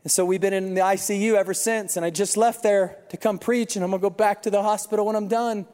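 A man with a high-pitched voice gives a sermon in a conversational, storytelling way. He sounds congested, and the long reverb of a large hall trails after each phrase. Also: fairly even intonation, fast, a little mellow, smooth. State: congested from crying. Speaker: pastor.

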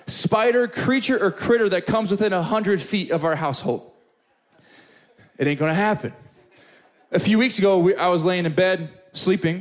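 A young man preaching a sermon as pastor, telling a story with lively, acted-out moments in front of a room. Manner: animated storytelling, acting out scenes with big pitch jumps. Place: church hall with live audience.

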